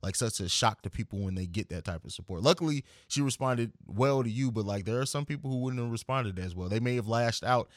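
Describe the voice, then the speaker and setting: Man, podcast host, earnest and reflective, mid-pitched voice, dry close-mic sound. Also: brisk, hardly any pauses, dry recording. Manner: reflective, earnest, repeats words while thinking. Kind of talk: casual podcast conversation.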